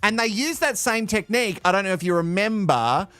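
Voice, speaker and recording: A man's voice: high-pitched, lively intonation, brisk, a bit bright, clean tone, no room sound, soft background music. An Australian man hosting a live watch-along, sarcastic and swearing with bursts of laughter. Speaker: host reacting to a reality show.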